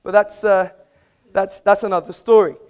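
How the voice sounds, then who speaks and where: A man's voice: sits high, little pitch movement, moderate pace, darkish tone, smooth. A man giving a formal debate speech in an auditorium, combative and pointed, quoting sources at length. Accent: British. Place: auditorium with an audience.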